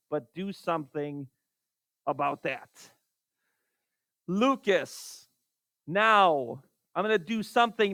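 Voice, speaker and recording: A man's voice: on the high side, a bit bright, no echo. A man teaching a math class, calling on students by name and exasperated by wrong answers. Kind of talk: classroom lecture.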